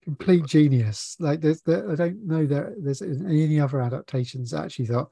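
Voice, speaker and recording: A man with a mellow, darker voice talks easily as a podcast co-host, agreeing a lot and riffing on the film. The sound is close and dry, with no room echo. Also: on the high side, normal speed, gravelly, hardly any pauses, breathy edge. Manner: easygoing, frequent agreeing yeahs. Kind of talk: casual film review chat.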